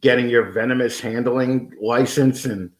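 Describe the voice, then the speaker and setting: A man's voice: medium pitch, steady tone, moderate pace, echoey room. A man as a podcast guest in casual chat, ranting with heavy swearing and stammering restarts.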